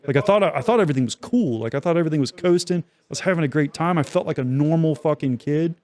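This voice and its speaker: A man's voice: on the high side, fast, a little mellow. A young man co-hosting a podcast, telling a long story in loose, profane casual chat with many fillers. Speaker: podcast co-host.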